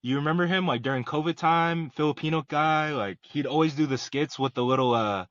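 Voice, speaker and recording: A young man on a podcast who talks in a relaxed, hesitant way, full of fillers. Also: fairly high pitch, brisk, dry recording, lo-fi sound. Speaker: podcast guest, powerlifter. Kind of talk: casual chat.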